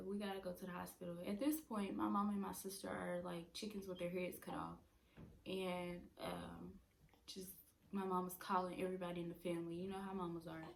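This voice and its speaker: A young woman in her twenties casually telling a personal story at home, chatty and animated. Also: fairly low pitch, gravelly, slight background noise. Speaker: vlogger. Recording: roomy echo.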